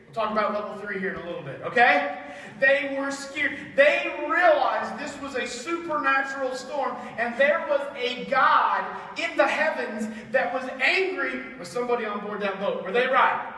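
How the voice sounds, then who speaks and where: A woman tells a Bible story to children with lots of jokes, jumping from booming moments to quiet asides. Her voice is high and bright. It echoes through a large church hall, caught from a distance with faint noise underneath. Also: moderate pace. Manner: animated, jokey, swings from loud to hushed asides. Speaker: Sunday school teacher. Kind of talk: playful Bible lesson for kids.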